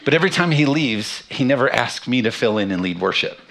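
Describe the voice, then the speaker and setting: A man's voice: mid-range voice, lively intonation, fairly quick, fairly bright tone. A man in his thirties, a pastor preaching a sermon, telling a funny family story with self-deprecating humor. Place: church sanctuary.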